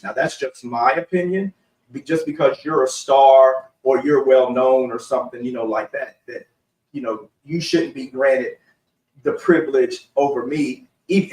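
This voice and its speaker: A man giving his opinions in a halting, casual way as co-host of a live discussion. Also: mid-range voice, roomy sound, far from the mic, low-quality recording. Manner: halting, opinionated, many fillers and restarts.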